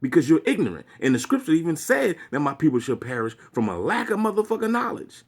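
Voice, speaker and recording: Man, vlogger, preachy swearing rant, lively up-and-down voice, slightly high. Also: fast, breathy edge. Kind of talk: profane monologue rant.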